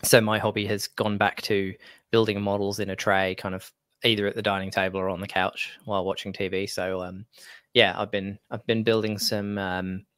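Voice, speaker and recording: A man's voice: lowish voice, moderate pace, clear, resonant tone, no room sound. A man co-hosting a podcast, chatting casually and rambling about his hobby. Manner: rambling, relaxed, laughs easily. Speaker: podcast co-host. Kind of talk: casual chat.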